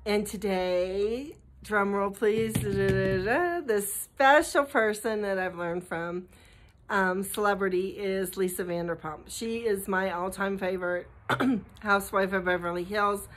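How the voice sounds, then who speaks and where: A middle-aged woman from the United States vlogs casually to camera in a steady, unhurried, mid-range voice with a bit of brightness. She rambles, restarts her sentences, and pauses for asides to her dog.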